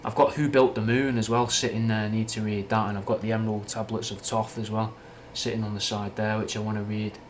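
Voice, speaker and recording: Chatting casually on a livestream, this young Manchester man rambles through viewers' questions, speaking frankly with slang and swearing. His lowish voice carries a Mancunian accent with a slight Scouse twang, moves briskly with few pauses, and shows little pitch movement over slight background noise.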